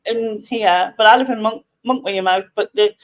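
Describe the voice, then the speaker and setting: A woman's voice: medium pitch, normal speed, rough recording. A woman with a Sunderland accent, the host, chatting and telling stories on a video call at home. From North East England. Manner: giggly, chatty storyteller. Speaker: channel host. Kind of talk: casual chat on a video call.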